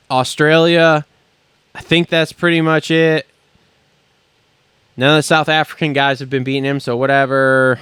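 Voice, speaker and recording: A man hosting a podcast launches into a profane, indignant rant. His voice sits a touch high, with a bright, forceful edge and a smooth, clear tone. The studio sound is dry and close. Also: no echo. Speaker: podcast host.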